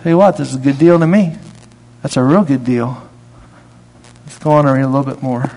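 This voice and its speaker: A man preaching a sermon in a conversational way, reading scripture aloud and rising in pitch to stress his points. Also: a little fast, mellow. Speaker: pastor. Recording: long hall reverb.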